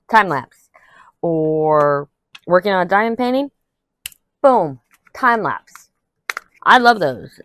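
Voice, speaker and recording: A young adult woman chatting candidly to her viewers while crafting, rambling and venting with some laughs. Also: on the low side. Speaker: vlogger. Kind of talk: casual chat to camera while crafting.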